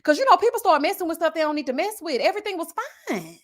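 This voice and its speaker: A woman from Houston, hosting a livestream and telling stories in animated, slangy casual chat while reading super chats. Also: high-pitched, quick pace, few pauses. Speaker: livestream host.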